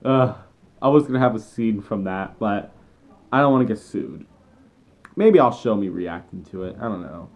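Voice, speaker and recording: Excitable young man ranting as a fan. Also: lowish voice, moderate pace. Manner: animated, excitable, rambling with self-corrections. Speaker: vlogger.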